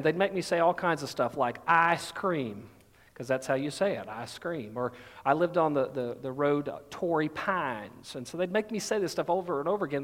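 Middle-aged Southern-accented pastor, relaxed and chatty, a touch high-pitched, preaching in a big reverberant room. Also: male voice. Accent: light Southern US. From Texas. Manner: folksy, conversational, many fillers. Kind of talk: sermon.

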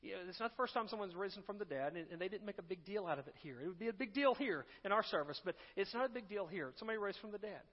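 High-voiced preaching man in reverb. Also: expressive, rapid-fire, few pauses, husky, muffled recording. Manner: conversational, with asides and restarts. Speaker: pastor. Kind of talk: sermon.

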